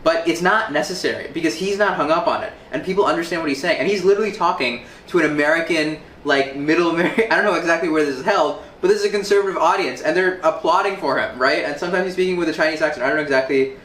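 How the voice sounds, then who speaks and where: A man's voice: a little high, fairly bright tone, roomy sound, a little hiss or hum, rough recording. A man, a public speaking coach, giving casual, conversational commentary on a client's speech. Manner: quick, conversational, with fillers and asides.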